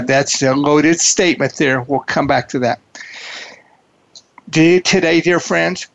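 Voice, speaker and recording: A man hosting a radio talk show, with an effusive manner and slow, emphatic phrasing. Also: fairly high pitch, dull audio. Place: studio in a large city.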